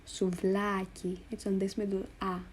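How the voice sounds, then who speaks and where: A woman's voice: mid-range voice, steady tone, dark tone, slight background noise. A woman teaching Greek letter combinations, speaking patiently and repeating each sound for the learner. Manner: slow, patient, spells out sounds and repeats them. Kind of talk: explaining letters on a board.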